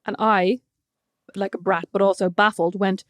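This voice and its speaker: A woman's voice: medium pitch, steady tone, normal speed, no echo, clean studio sound. A woman co-hosting a podcast, telling stories in casual chat, laughing often and swearing casually. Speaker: podcast co-host.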